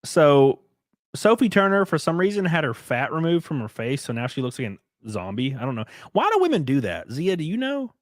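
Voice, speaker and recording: A man's voice: fairly high pitch, sing-song, a little fast, no room sound, studio quality. Crude joking male streamer. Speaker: livestream host. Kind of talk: casual livestream chat.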